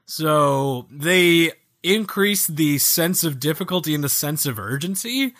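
A man co-hosting a podcast, chatting casually about video games in a jokey, animated way and acting out lines from the game. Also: on the high side, a little slow. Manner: animated, jokey, acts out quoted game characters. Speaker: podcast co-host.

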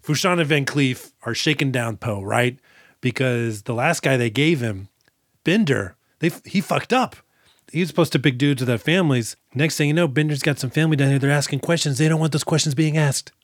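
A man's voice: mid-range voice, no room sound. Guy co-hosting a movie podcast, dry close sound, tosses in silly mock voices while he recaps. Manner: loose storytelling with quick mock voices. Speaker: podcast co-host. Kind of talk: casual movie recap chat.

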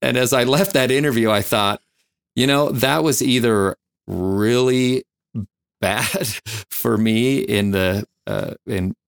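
A man, a firefighter and flight nurse, telling candid stories in an interview, reflective and halting with many fillers. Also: medium pitch, gravelly, clean tone, no room sound.

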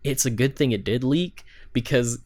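A man's voice: medium pitch, normal speed, a little mellow. A man hosting a video game podcast, steering the casual chat and handing topics to the others. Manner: steers the talk, hands off topics. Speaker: podcast host.

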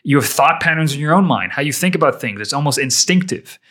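A man's voice: a little high, lively intonation, fast, fairly bright tone. A man talking casually in a podcast-style conversation, explaining ideas with everyday examples and frequent restarts. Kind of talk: casual chat.

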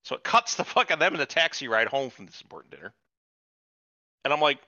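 Man ranting and swearing, bright forceful voice, dry dull lo-fi sound. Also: mid-range voice, sing-song, fast, long pauses, dry recording. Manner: profane, ranting, exasperated. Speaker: podcast host. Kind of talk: casual chat. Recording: dull lo-fi recording.

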